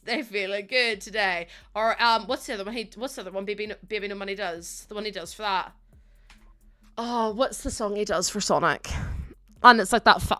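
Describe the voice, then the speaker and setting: Giggly young woman streamer, bright voice. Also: mid-range voice. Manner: giggly, gushing, emotional. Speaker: live streamer. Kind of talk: casual stream chat.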